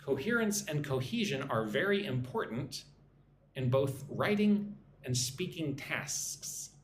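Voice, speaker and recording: A man teaching an English lesson on a live stream, talking slowly and checking in with "right?" after his points. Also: on the high side, sing-song, slight background noise. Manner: slow, repeats points with frequent "right?". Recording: echoey room, faint ambience.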